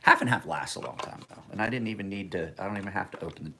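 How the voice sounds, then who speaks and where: Chatty man with a lowish voice. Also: lively intonation, quick pace, pushed and bright, slight background noise. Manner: rambling, joking and chatty. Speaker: knife sharpener and livestream host. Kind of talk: casual livestream chat. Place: his home kitchen.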